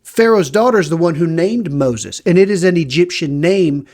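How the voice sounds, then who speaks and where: A man with a fairly high voice hosts a podcast and retells a Bible story in a loose, conversational way. He slips into the characters' words, giving their lines as he tells it. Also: animated, normal speed, darkish tone.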